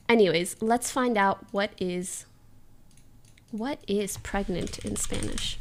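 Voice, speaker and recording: A woman's voice: mid-range voice, takes it slowly. A young woman livestreamer chatting casually and playfully, laughing often as she sounds out words. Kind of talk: casual stream chat.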